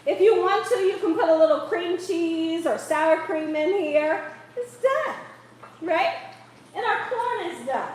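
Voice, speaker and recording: A woman's voice: very high voice, animated, measured pace, darkish tone. A middle-aged woman hosting a casual live cooking show from her home kitchen, chatty and playful, often laughing as she talks. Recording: very echoey room with faint background hiss.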